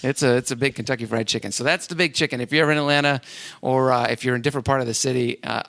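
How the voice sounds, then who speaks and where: A man's voice: mid-range voice, steady tone, racing, vocal fry, fairly bright tone. A man from Cleveland, Ohio, hosting a casual podcast as a real estate agent, rambling and self-deprecating. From Cleveland, Ohio, USA.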